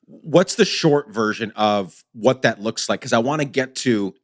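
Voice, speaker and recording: A man hosting a podcast, asking questions in a relaxed, affirming conversational way. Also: medium pitch, measured pace. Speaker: podcast host. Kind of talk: interview questions.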